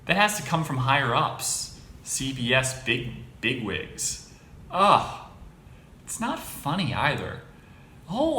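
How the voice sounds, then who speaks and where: A man hosts his own show, rambling through an exasperated monologue full of fillers and restarts. His voice is bright and edged. The recording is roomy and echoey, with a faint ambient hum underneath. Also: medium pitch. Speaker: host. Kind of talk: casual political monologue.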